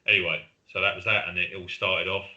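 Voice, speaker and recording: Bright-voiced chatty man. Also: low voice, little pitch movement, a little fast, lo-fi sound. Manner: chatty storyteller, acts out quoted friends. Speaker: podcast co-host. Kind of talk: casual chat.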